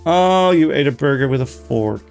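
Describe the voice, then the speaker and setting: Gravelly, lively streamer chatting with viewers. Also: mid-range voice, normal speed, soft background music. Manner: excitable, chatty, talks to viewers. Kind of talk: live gameplay commentary.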